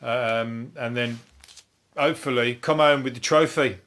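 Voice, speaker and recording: A man from Birmingham with a broad Brummie accent, riffing alone on odd news items for his comedy podcast. He rambles, swears a lot and chuckles at his own lines, his voice sitting at an ordinary middle pitch. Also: steady tone, unhurried, fairly bright tone. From Birmingham, England. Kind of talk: solo comedic news review.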